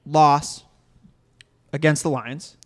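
A man's voice: a little high, fairly even intonation, takes it slowly. A man co-hosting a sports podcast, breaking down games in long, analytical runs. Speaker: podcast co-host. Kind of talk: casual sports chat.

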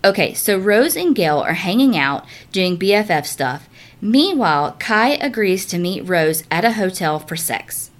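A woman with a mid-pitched voice co-hosting a casual podcast. She reads stories aloud with animated, gossipy energy and drops the odd swear word. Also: unhurried. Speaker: podcast co-host. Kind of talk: casual chat, reading listener stories.

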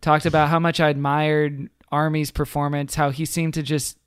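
A man's voice: on the high side, level tone, moderate pace, smooth, no echo, studio quality. A man co-hosting a comedy podcast over a video call, joking and slipping into mock-solemn tones. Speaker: podcast co-host. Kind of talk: casual comedic chat.

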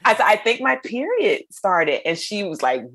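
A middle-aged woman from the United States, a podcast guest, telling stories in an animated way and acting out the voices of people she quotes. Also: medium pitch, normal speed. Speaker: guest, creator of a menopause storytelling project. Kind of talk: storytelling in a podcast conversation.

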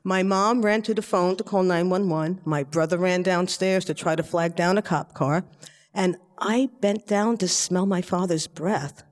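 A woman from the Bronx, New York City, tells a personal story to a live audience in a large hall, chatty and animated as she acts out her family members' voices. Her voice is lowish and a little slow.

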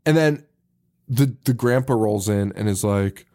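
A man in casual podcast chat, retelling movie scenes with mock quotes and frequent laughter. His pitch swings widely and his manner is loose and playful. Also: very animated, slow pace, long pauses, dark tone. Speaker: podcast co-host.

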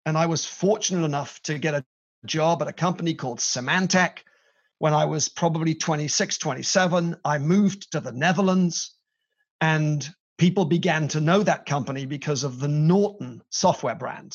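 A middle-aged British man speaks as a podcast guest, his voice set a little high and carrying a gravelly rasp. He tells his story with energy and playful emphasis. The recording sounds dull and lo-fi. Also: normal speed. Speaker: guest, company CEO. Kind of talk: podcast interview. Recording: dull lo-fi audio.

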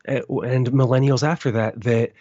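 A man in his forties speaks in a husky, slightly breathy voice, reflective and earnest as he works through long sentences. The recording is dull and dry, with little treble or room sound. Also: medium pitch, fairly even intonation, normal speed, warm tone, no echo. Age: 40s. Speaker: interview guest. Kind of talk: casual interview chat.

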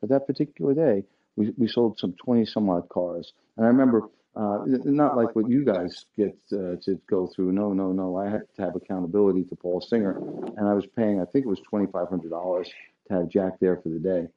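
A man's voice: on the low side, a little fast, highs cut off. A middle-aged man, a dealership owner, telling an anecdote to his staff with many restarts and fillers.

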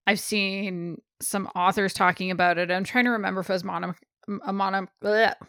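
A woman's voice: medium pitch, steady tone, a bit bright, no echo, clean studio sound. A woman co-hosting a podcast in casual chat, laid-back and often nodding along. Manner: laid-back, gives quick listener nods. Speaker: podcast co-host.

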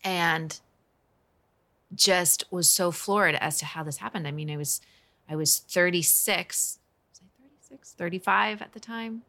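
A woman's voice: on the low side, measured pace, sharp tone. A woman in her forties, a business coach, telling a personal story in an earnest, emotional, conversational way.

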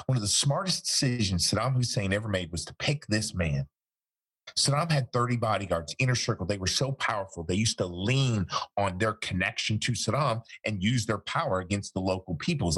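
A man's voice: on the low side, a bit bright, slightly rough. A man, a former interrogator, telling a story in an interview and acting out the quoted dialogue.

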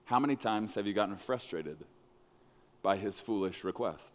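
A man preaching a sermon as pastor, dramatic, swinging between loud bursts and hushed lines. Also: on the low side, lively intonation, moderate pace. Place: church hall. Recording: long reverb of a large hall.

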